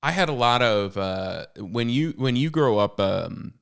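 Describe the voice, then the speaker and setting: He speaks in a mid-range voice that is expressive and unhurried, with vocal fry and a clean, somewhat bright tone. The man, in his thirties, is a podcast co-host and author sharing candid, self-deprecating stories in casual talk, with many fillers and restarts.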